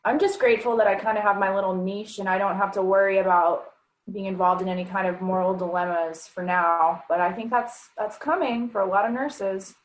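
A woman co-hosting a podcast in casual chat, chatty and quick to laugh. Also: medium pitch, fairly even intonation. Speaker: podcast co-host. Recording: echoey room.

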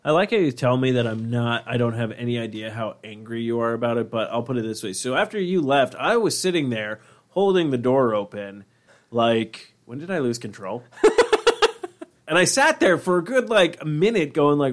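Young man, middle pitch, rambling joker of a podcast co-host. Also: animated, normal speed. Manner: rambling, joking, filler-heavy. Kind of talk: casual chat.

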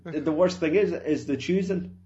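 A man's voice: on the high side, normal speed, dark tone. A young Scottish man co-hosting a podcast in casual chat, rambling and self-mocking, with plenty of swearing. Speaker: podcast co-host. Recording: dull lo-fi sound.

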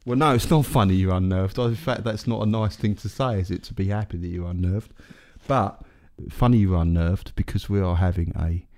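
Rambling, gravelly podcast co-host man. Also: sits low, brisk, hardly any pauses, a little mellow. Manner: rambling, self-correcting, jokey. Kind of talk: casual chat.

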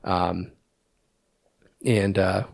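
Male podcast co-host, low-pitched, relaxed plot recap full of fillers, dry recording. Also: extremely slow, creaky, no room sound. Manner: retells scenes with many ums and restarts. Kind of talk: casual movie discussion.

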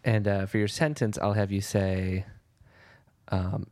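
A man guesting on a comedy podcast, upbeat and quick to laugh as he sets challenges. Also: fairly low pitch, little pitch movement, darkish tone, no room sound. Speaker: comedian guest, game show co-host. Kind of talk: casual comedy conversation.

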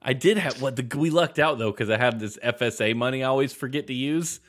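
A man's voice: medium pitch, a little fast. A man telling a long story in casual podcast chat, rambling and laughing as he goes. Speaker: podcast host.

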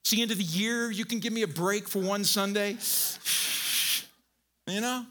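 Delivering a sermon at normal speed, a male pastor sounds lively and conversational, moving between hushed low passages and loud, forceful high points, with homespun asides along the way.

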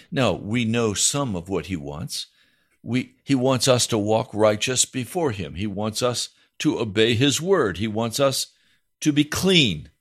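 A man preaching a sermon as a pastor, voice rising into high, pleading questions. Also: expressive, measured pace.

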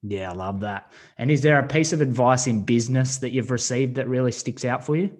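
A man's voice: medium pitch, a little fast, a little mellow. A man hosting a podcast, asking questions and giving short encouraging replies. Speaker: podcast host. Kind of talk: interview questions.

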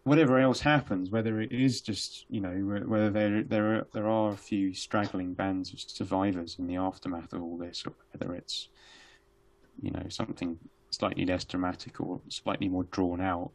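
A man's voice: deep voice, fairly even intonation, moderate pace. A man speaking as a podcast guest, hesitant, with many restarts and fillers. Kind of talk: conversational podcast interview.

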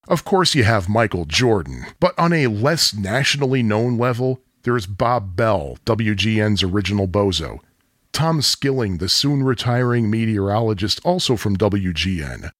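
Male podcast host from Chicago, husky, lively pitch, casual storyteller. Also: normal speed, no echo, studio quality. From Chicago area. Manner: chatty, self-deprecating, nostalgic.

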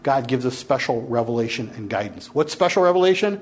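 A man's voice: medium pitch, lively intonation, brisk, darkish tone, slight background noise. A man teaching a Bible class, lecturing and challenging his students to argue back.

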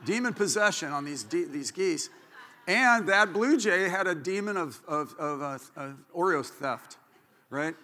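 A man preaching a sermon as pastor, telling stories with joking asides. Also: high-pitched. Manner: animated storytelling, joking asides. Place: church sanctuary. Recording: church hall reverb.

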